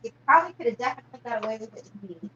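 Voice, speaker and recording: A woman's voice: fairly high pitch, expressive, rapid-fire, lo-fi sound, heavy background noise. A woman chatting casually as a live-stream guest, rambling a little as she tells things.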